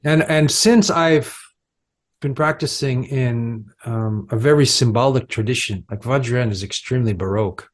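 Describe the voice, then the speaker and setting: A man co-hosting a podcast, talking through ideas in a reflective, halting way with many restarts. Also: medium pitch. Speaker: podcast co-host. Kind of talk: casual philosophical conversation.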